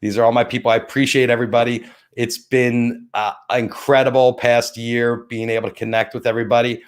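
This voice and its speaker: A man's voice: mid-range voice, little pitch movement, a little fast, clear, resonant tone. Rambling man hosting a live stream. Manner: rambling, thanks viewers by name and plugs sponsors. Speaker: host of a live-stream show. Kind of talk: casual live-stream chat.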